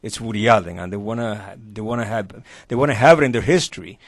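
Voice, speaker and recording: A man hosting an interview, asking questions with many pauses and repeated words. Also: on the low side, animated, no echo, studio quality. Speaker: host.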